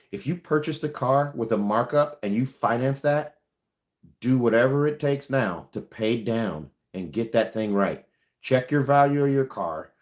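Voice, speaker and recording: A man, a car salesman, chatting casually on a livestream, answering viewer questions in a rambling, frank way with many ums and uhs. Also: medium pitch. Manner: frank, advice-giving.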